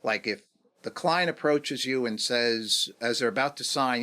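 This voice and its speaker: A man in his fifties, a negotiation executive, is a guest on a podcast interview, speaking in an unhurried, reflective way. He acts out quoted dialogue with lively swings in pitch.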